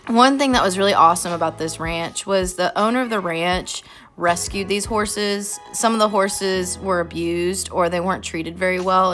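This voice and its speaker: A woman's voice: medium pitch, fairly bright tone. A woman artist talking casually over her drawing, earnest and heartfelt, rambling a little. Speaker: artist vlogger. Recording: faint music behind.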